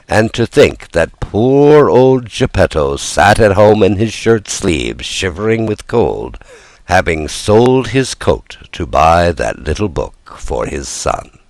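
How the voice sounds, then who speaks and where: A man narrates a children's classic in a low, resonant-sounding register, his pitch rising and falling with theatrical life. The recording is close and dry, with no room sound. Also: slow pace, vocal fry, dry recording. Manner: lively, theatrical delivery. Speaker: audiobook narrator. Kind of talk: expressive storybook reading.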